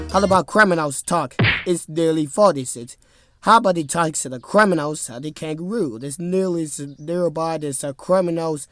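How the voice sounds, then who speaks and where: Rambling man, slightly high voice. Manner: rambling, jumbled, playful. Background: music.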